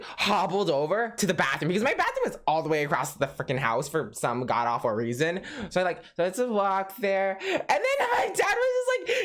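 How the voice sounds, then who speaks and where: A young man vlogger telling a story in a casual, animated way, full of "like" fillers and laughter. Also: fairly high pitch. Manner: animated, swoops between laughing and mock-crying, heavy "like" filler.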